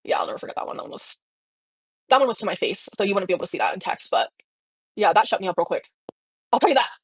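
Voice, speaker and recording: A woman's voice: medium pitch, animated, very fast, husky, no room sound. A woman livestreaming, telling a personal story in a rambling, emotional way with many fillers. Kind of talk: casual livestream chat.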